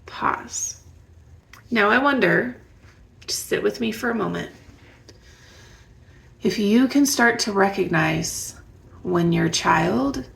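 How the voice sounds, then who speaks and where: A woman with a strongly gravelly, creaky voice gives parenting advice straight to her viewers. She talks in a conversational way, often stopping to ask them reflective questions. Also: mid-range voice. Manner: warm, conversational, asks the listener reflective questions. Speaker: parenting educator. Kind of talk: direct-to-camera advice talk.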